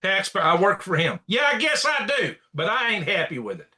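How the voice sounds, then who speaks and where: A man's voice: high voice, big pitch swings, brisk, bright, forceful tone, husky. A man hosting a commentary show, reacting to clips with blunt, indignant rants and repeated insults. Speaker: news commentary host.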